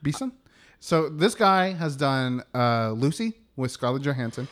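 A man's voice: mid-range voice, measured pace. A man co-hosting a film podcast in casual chat, teasing and upbeat. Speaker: podcast co-host.

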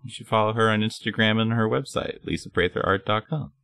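A relaxed, jokey man co-hosting a podcast. His voice sits low with a gravelly edge, and the recording is dry and close. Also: fairly quick, no room sound. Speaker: podcast co-host. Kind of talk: casual chat.

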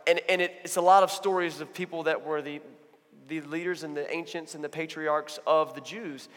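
A man giving a sermon as a pastor, talking in a conversational, animated storytelling way. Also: fairly high pitch, normal speed, big-room sound. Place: church.

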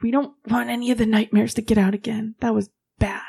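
Nervous unseen man, voiced by a woman, stammering, hurried. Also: on the high side, level tone, gravelly, warm tone, breathy edge. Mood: anxious.

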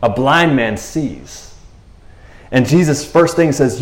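A man's voice: medium pitch, slow, roomy sound. A man preaching a casual sermon in a loose, conversational way, laughing often and checking in with his listeners. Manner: conversational, animated, laughs often, keeps saying "you know what I mean".

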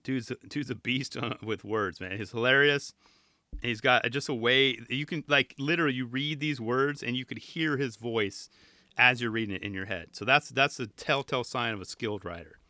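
A man's voice: mid-range voice, normal speed, bright, forceful tone, no room sound, studio quality. A man hosting a podcast, chatting casually and joking as he flips through a magazine, with rambling asides and playful pleading. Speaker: podcast host. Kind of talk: casual chat reviewing a magazine.

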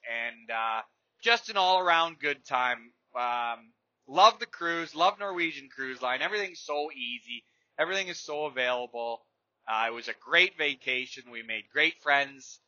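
A man's voice: mid-range voice, bright, forceful tone, no echo. A man hosting a podcast, telling stories and ranting bluntly and profanely in a rambling, casual way. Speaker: podcast host. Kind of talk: casual storytelling rant. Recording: dry, slightly dull lo-fi recording.

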